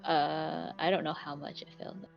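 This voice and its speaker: A woman playing a tabletop game, thinking aloud and talking fast through her options. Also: low-pitched, level tone, gravelly, highs cut off, faint music behind. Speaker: player. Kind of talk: casual tabletop play.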